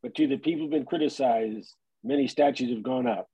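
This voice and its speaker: A man's voice: mid-range voice, brisk, warm tone, breathy edge, no room sound, rough recording. A man giving encouraging advice to a group member.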